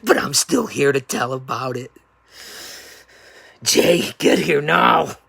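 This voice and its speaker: Male show host in wrestling-promo mode: raspy, gravelly, theatrical, jumps between yelling and hushed threats. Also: medium pitch, slow pace, no echo. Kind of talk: wrestling-style hype promo.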